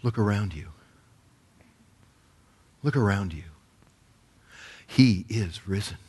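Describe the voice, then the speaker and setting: Animated man preaching a sermon. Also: lowish voice, slow pace. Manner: animated preaching, acts out voices in parables. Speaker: pastor.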